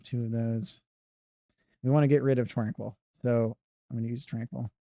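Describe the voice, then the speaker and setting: A man's voice: mid-range voice, steady tone, normal speed, mellow, dry recording, clean studio sound. A man giving casual commentary on his own speedrun, muttering and thinking aloud as he plays from his couch. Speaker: speedrunner streamer. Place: living room on couch.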